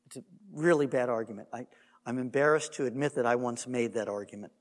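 A man's voice: medium pitch, fast talker. A man giving a Bible teaching sermon, telling the story with animation and conversational asides, careful not to sound dogmatic. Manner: animated storytelling, acts out quotes. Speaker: Messianic teacher. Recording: long hall reverb.

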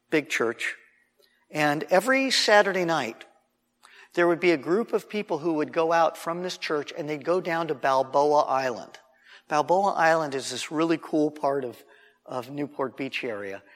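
A man tells a sermon story in an animated, conversational way, often restarting his sentences. His voice sits a little high for a man. A long hall reverb trails after his words. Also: moderate pace. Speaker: preacher.

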